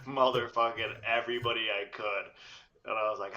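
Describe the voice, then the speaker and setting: Guy ranting a story on a group call, bright edgy voice, kinda muffled lo-fi audio. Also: fairly low pitch, fairly quick. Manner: animated, swears freely, acts out quoted voices. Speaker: community member on a morning call.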